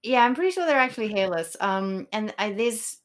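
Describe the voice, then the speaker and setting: A woman's voice: medium pitch, lively intonation, a little fast. A woman co-hosting a casual comedy podcast, giggly and rambling, with lots of fillers. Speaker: podcast co-host. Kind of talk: casual comedic chat about Shakespeare.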